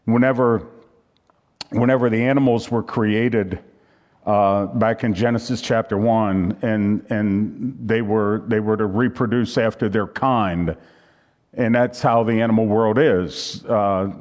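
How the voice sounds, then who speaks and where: A man's voice: on the low side, steady tone, unhurried, darkish tone. A man preaching a sermon, reading scripture aloud and teaching from a handout with emphatic repetition.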